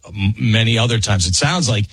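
A man co-hosting a morning radio show, speaking skeptically and measured. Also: lowish voice, a bit bright, husky, no echo. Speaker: radio co-host.

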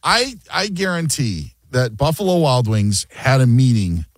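A man hosts a sports radio show with a medium-pitched voice at a measured pace, with no echo. He chats casually and jokes, animated, often acting out quotes.

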